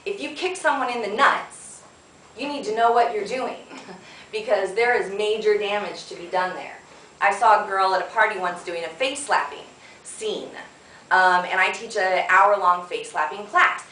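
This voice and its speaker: A woman speaking frankly at a conference, chatty and quick to laugh, often checking in with the audience. She sounds some way off from the microphone. The room is echoey, with a faint hum of ambience behind her. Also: mid-range voice, sharp tone, recorded from a distance. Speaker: conference presenter. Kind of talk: conference talk.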